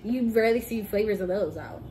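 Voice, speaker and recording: A woman's voice: mid-range voice, brisk, mellow. A young woman chatting to camera during a soda challenge, giggly and playful, talking to her viewers with lots of "y'all" and burping from too much soda. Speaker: vlogger doing a soda challenge. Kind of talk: casual chat to camera. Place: house, indoors.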